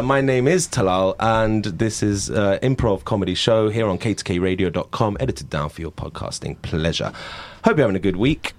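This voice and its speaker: A man hosting a casual improv comedy radio show in a studio, talking in a loose, rambling way with many restarts. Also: lowish voice. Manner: rambling, loose, self-interrupting. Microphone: handheld studio mic.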